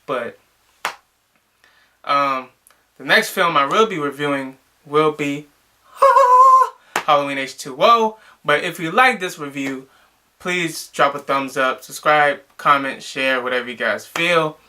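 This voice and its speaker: A man's voice: a little high, measured pace, sharp tone. A young man casually reviewing a movie, rambling and exasperated, with lots of filler words.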